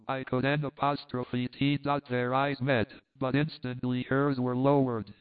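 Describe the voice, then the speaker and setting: A man narrating a classic novel in a measured, literary reading. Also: medium pitch, level tone, smooth. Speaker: audiobook narrator. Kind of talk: scripted narration. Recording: phone-like thin sound.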